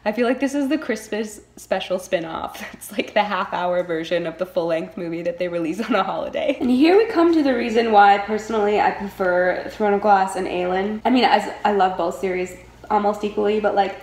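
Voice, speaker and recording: A woman's voice: medium pitch, fairly quick, darkish tone. A woman chatting casually in a reading vlog, giggly and full of filler words. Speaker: book vlogger.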